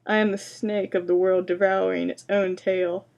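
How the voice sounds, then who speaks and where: A woman voicing an ancient, towering male tree monster who speaks slowly and grandly, rising to a roar. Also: medium pitch, little pitch movement, gravelly, a little mellow, lightly acted.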